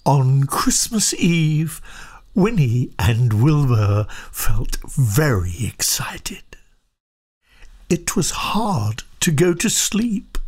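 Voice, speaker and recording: Slow, husky storybook reader. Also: medium pitch. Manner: soft, often half-whispered, gentle storytelling. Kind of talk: reading a children's picture book aloud.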